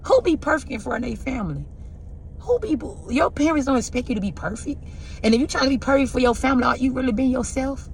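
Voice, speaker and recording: A woman's voice: high-pitched, fast, vocal fry, a little hiss or hum. Tarot lady preaching to her viewers, heartfelt and confessional, keeps asking if u get what she's saying. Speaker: tarot reader giving spiritual messages. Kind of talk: emotional spiritual pep talk to viewers.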